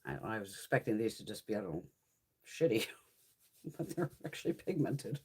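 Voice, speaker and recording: Chatty woman with a lively, swooping voice. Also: rumbling low, moderate pace, husky. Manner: chatty, profane, laughs often; answers viewers' live comments. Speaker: beauty haul host. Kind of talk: casual chat while swatching makeup.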